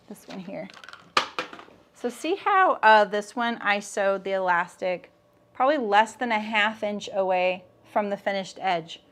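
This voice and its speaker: Sewing on a livestream, a middle-aged instructor talks in an easygoing, rambling manner at a medium pitch. Every so often she stops to reply to comments from viewers, staying warm and laid-back throughout.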